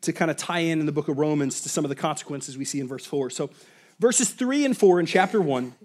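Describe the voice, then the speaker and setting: A man in his thirties preaching a sermon, telling a personal story in a lively way with frequent fillers and asides. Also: on the high side, fast talker. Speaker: pastor.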